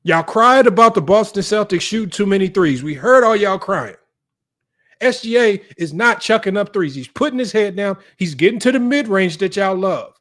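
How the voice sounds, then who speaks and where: A man's voice: high-pitched, lively intonation, normal speed, fairly bright tone. A man hosting a sports debate live stream, ranting in an exasperated, heated way to his viewers.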